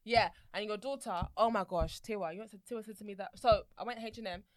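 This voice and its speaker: A woman's voice: mid-range voice, quick pace, no echo. A woman co-hosting a podcast, chatting casually and laughing as she tells stories. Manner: laughs while telling stories. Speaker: podcast co-host. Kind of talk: casual chat.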